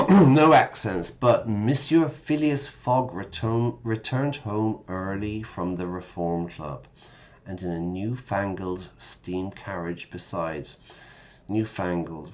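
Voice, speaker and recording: Slow, low-voiced man teaching from a game. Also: highs cut off. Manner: patient, checks in with listeners with "yeah?". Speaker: English teacher streaming a game. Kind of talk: reading game text aloud and explaining words to learners.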